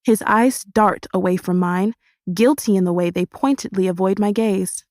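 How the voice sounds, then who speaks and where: A woman narrates a first-person novel as an audiobook, telling it in a steady, expressive way. Her pitch is middling, and the recording is dry and close, without any room echo. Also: normal speed.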